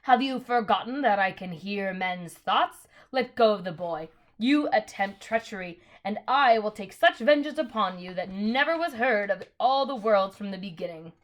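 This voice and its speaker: A woman reading aloud, voicing a commanding, wrathful queen witch who speaks slowly and emphatically. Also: mid-range voice, lively intonation, lightly acted. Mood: furious. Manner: imperious, threatening, slow and emphatic.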